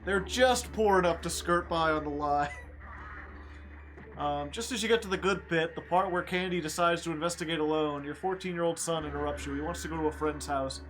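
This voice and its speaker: A man streaming a game, reading its story text aloud in a quiet voice and breaking off for joking asides to chat. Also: fairly high pitch, a little fast, faint music behind.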